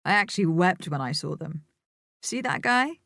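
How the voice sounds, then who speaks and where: A suave male gallery owner, businesslike and patient, spelling things out slowly as if to a child, played by a woman narrator. It is an audiobook read, recorded close and dry. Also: on the low side, animated, gravelly, fairly bright tone, dry recording, exaggerated voice. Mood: genial. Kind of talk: audiobook character voice.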